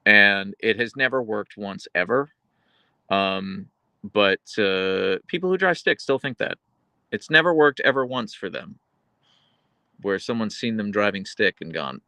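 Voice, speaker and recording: Lively, bright-voiced man chatting on stream. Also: fairly low pitch, a little slow, no room sound. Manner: rambling and chatty, with many fillers and self-corrections. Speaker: livestream host reading chat. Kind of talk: casual livestream chat.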